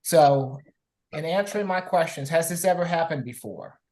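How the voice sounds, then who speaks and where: A woman presiding as a judge in a court hearing, asking questions in a measured, stern way. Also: sits low, mellow, rough recording.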